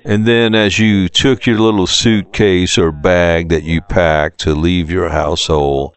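A man's voice: sits low, clean tone. A man preaching a sermon with fervent, rising and falling emphasis.

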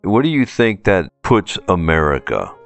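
A man's voice: low voice, wildly swooping pitch, normal speed, vocal fry, no room sound, soft background music. A man with a New Orleans accent preaching a sermon, emphatic and full of pointed rhetorical questions.

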